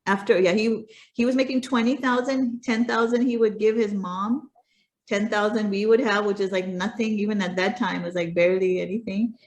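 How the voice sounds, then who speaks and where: A woman's voice: mid-range voice, steady tone, moderate pace, a little mellow. A middle-aged woman with an American accent tinged with Pakistani, telling stories as an interview guest in a casual, chatty way full of fillers and restarts. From United States. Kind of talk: casual conversational storytelling.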